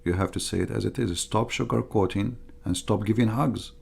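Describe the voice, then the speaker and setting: Man, middle-aged, husky, lowish pitch, emphatic repetitive livestream talk, non-native grammar. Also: steady tone, a little fast, darkish tone. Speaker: religious debater. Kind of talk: livestream monologue.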